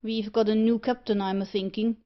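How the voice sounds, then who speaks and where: A crafty, rough-spoken tinker who talks in broad dialect, as a woman reads him. The audiobook sound is dull and lo-fi. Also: mid-range voice, flat delivery, brisk, close to an everyday voice. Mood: sly. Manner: dialect speech, knowing. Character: sly cockney male tinker rogue. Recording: muffled lo-fi audiobook recording.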